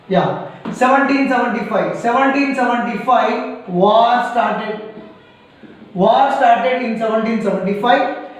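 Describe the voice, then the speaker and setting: A man teacher with an Indian English accent giving a classroom lecture, repeating key phrases and quizzing his students. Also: extremely high pitch. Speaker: school teacher. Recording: echoey room, voice from a distance.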